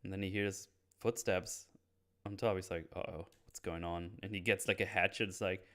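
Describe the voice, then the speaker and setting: A man hosting a casual film review chat, laughing often and acting out characters in quick voices. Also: deep voice, little pitch movement, a bit bright. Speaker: podcast host.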